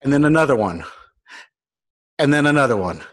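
Husky man preaching with a story. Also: medium pitch, animated, brisk. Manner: storytelling, acts out quoted voices, self-mocking. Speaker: pastor. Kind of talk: sermon with a personal story.

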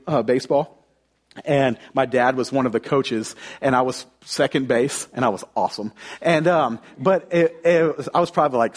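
A young man from the United States preaching a conversational sermon, telling stories and often restarting his phrases. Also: mid-range voice.

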